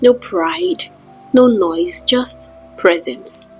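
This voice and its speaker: A woman voicing a neighbor who gently praises a newcomer in a storybook tale. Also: fairly high pitch, big pitch swings, drawn-out words, slightly rough, soft background music, exaggerated voice, poor audio. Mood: admiring.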